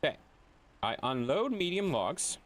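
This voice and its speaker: A man's voice: fairly high pitch, big pitch swings, unhurried. Blunt, profane male streamer. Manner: blunt, profane, ranting to chat. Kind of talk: casual live-stream chat while gaming.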